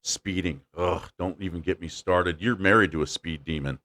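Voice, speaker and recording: A man hosting a casual podcast, telling stories with lively acted-out quotes and blunt opinions. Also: deep voice, normal speed. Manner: animated storyteller, acts out quotes. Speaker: podcast host. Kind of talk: casual chat.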